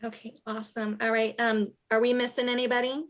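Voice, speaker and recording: A woman's voice: a little high, flat delivery, fairly quick. A woman hosting a virtual rally on a video call, upbeat and encouraging, with many fillers. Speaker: event host and organizer.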